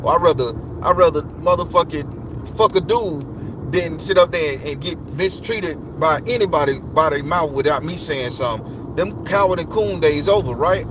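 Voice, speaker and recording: A man's voice: fairly high pitch, normal speed. Profane man ranting outdoors by traffic. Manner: rambling, repetitive restarts, swearing freely. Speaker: spiritual tarot vlogger. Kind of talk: casual profane rant to viewers. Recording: outdoor street noise with cars.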